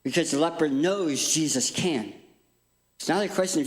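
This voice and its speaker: A man preaching an interactive sermon on stage, playful and energetic as he directs a volunteer. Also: fairly high pitch, moderate pace, pauses often. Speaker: guest speaker. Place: large church hall. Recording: echoey church hall.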